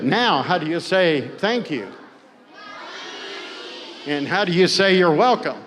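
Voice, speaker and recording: A man leads a group of children through call-and-response, taking his time over every instruction. His voice sits a little high and stays playful and coaxing. It rings out with a long hall reverb, and faint ambience sits underneath. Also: a bit bright, slight background noise. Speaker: language teacher at a powwow. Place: large indoor hall.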